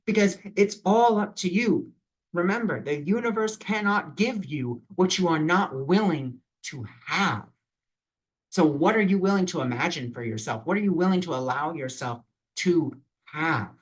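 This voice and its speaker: A man's voice: a little high, lively intonation, normal speed, low-quality recording. Rambling, earnest man vlogging. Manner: rambling, full of "you know" fillers; earnest and encouraging. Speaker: vlogger and spiritual reader. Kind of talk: casual motivational talk.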